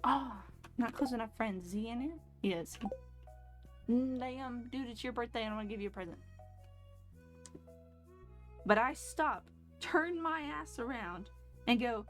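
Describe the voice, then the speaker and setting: Woman, 20s, slightly high voice, casual storytelling, sarcastic, blunt, swearing, faint music behind. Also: animated, a little slow, long pauses. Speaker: streamer. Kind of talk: casual storytelling while gaming. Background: faint background music.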